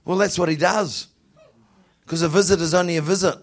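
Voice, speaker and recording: A man with a high, husky voice preaches a lively sermon. He laughs easily, stumbles over repeated words, and builds up to shouted lines. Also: brisk.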